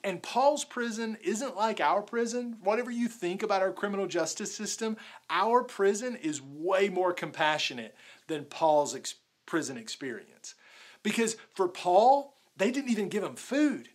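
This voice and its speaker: Male pastor, laid-back talky sermon delivery, relaxed, peppered with "like". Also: high voice, moderate pace. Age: adult, married with a daughter. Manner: casual, conversational preaching with many "like"s.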